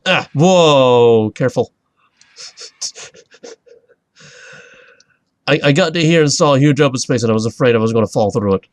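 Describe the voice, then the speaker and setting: A man's voice: mid-range voice, moderate pace, pauses often, no room sound. Rambling man narrating his gameplay. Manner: rambling, excitable, self-interrupting. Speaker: let's play host. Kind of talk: casual gameplay commentary.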